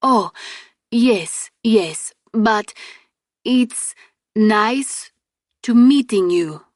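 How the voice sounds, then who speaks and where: A woman reading aloud puts on a cheerful young foreign man from a storybook, stumbling eagerly through broken English. His lines come slow and a touch higher, in a dry, close voice. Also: lively intonation, no echo.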